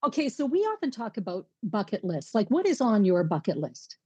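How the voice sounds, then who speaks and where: A woman's voice: medium pitch, big pitch swings, fairly quick, darkish tone, breathy edge, dry recording. A woman co-hosting a podcast, asking questions and giving frequent affirming interjections in casual chat. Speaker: podcast co-host.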